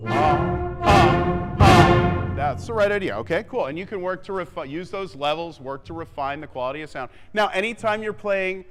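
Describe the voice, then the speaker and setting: A man coaching a wind band in rehearsal, briskly counting off and singing the rhythms to show them. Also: high voice, fairly bright tone, faint music behind. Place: theatre stage. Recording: long theatre reverb with faint band.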